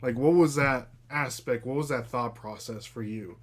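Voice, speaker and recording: A man in his thirties hosts a relaxed, chatty podcast at a mid pitch. His talk is loose and full of fillers. Now and then he breaks off to coax his dog. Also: normal speed. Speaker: podcast host. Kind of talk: casual live podcast chat.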